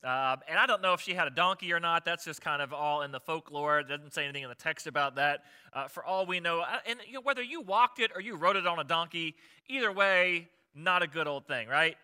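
A male pastor gives a chatty, conversational sermon, often turning to his listeners with rhetorical questions. His voice is a little high and very bright, with a sharp edge. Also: animated, brisk, few pauses, clear, resonant tone.

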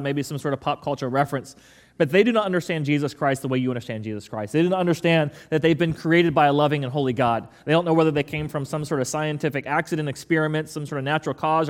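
A male pastor delivers his sermon at a brisk clip, his voice sitting a little high for a man. He talks casually and rambles, with plenty of fillers and off-the-cuff asides.

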